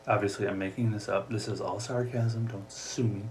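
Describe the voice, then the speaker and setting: A man with an Upper Midwest American accent hosts a casual solo podcast from his home office, speaking into a desk mic while also streaming live. His fairly low, steady, slightly mellow voice moves at a moderate pace over slight background noise. Chatty and jokey, he acts out voices for gags.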